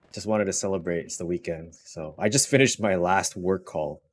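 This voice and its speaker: A gaming streamer with a low, expressive male voice brags and curses in brash, casual commentary over a shooter game, speaking at a normal speed. Loud gunfire and artillery from the game play behind his voice, and there's a slight hiss or hum on the recording.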